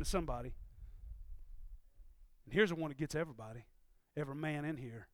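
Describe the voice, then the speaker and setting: A man preaching a sermon in a folksy way, dropping to quiet asides and rising to shouted, impassioned peaks. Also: a little fast, gravelly, no room sound, clean studio sound. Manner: swings from low conversational asides to shouted, impassioned climaxes; folksy, uses ain't and y'all.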